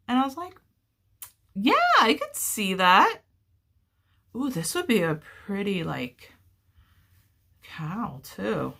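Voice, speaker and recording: Bright-voiced woman chatting about crochet. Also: medium pitch, very animated, slow pace, pauses often. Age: adult with children. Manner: chatty, gushing and upbeat. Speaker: crochet vlogger. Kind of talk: casual crochet-along chat.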